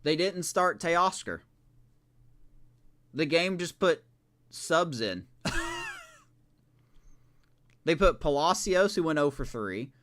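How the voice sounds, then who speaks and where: Man, gameplay streamer, casual live commentary, lively pitch, exasperated reactions. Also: takes it slowly, long pauses. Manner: animated, talks to himself, exasperated reactions. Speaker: video game streamer.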